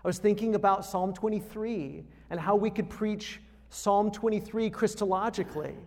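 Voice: mid-range voice, normal speed, darkish tone, long reverb tail. A conference speaker teaching pastors about preaching, talking emphatically and building points through repeated phrases and rhetorical questions.

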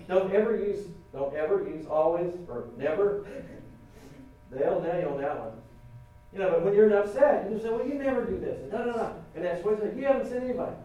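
A middle-aged man preaching a sermon, chatty and animated, acting out the quotes he reads with a wry touch. His voice is mellow and a little high, heard from a distance. It rings in a strongly echoey room over a faint background hum. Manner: conversational, animated, acts out quotes with humor. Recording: roomy echo from off-mic, faint ambience.

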